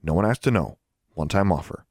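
A man's voice: low-pitched, expressive, fast talker, a little mellow, no echo, clean studio sound. A man voicing a smug, condescending teenage boy wizard. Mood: flat.

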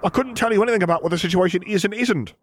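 A man doing a jittery high-voiced young officer. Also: slight background noise, close to an everyday voice. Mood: flustered. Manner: rushed, anxious explaining. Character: nervous young male officer, flustered and deferential.

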